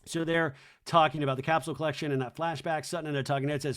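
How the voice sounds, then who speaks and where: A man's voice: on the high side, level tone, rapid-fire, few pauses, a bit bright. A man hosting a podcast, giving a wry, chatty recap of a reality show. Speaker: podcast host.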